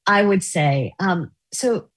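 A woman's voice: mid-range voice, animated, takes it slowly, no echo. A middle-aged woman novelist, chatting casually in an interview, telling stories animatedly with many fillers. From United States.

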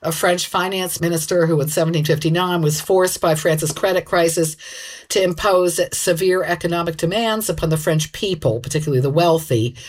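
A woman co-hosting a casual chat, playful and quick to laugh, reading listener emails. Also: on the low side. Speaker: podcast co-host.

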